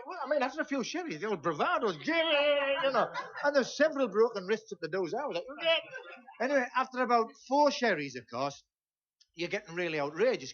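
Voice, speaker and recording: A man's voice: high voice, a bit bright, a little hiss or hum. A man with a Teesside accent telling a rambling comic story on stage, with lots of "see?" asides. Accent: Teesside English. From Teesside, England. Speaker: folk singer and comedian. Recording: dull lo-fi VHS tape transfer.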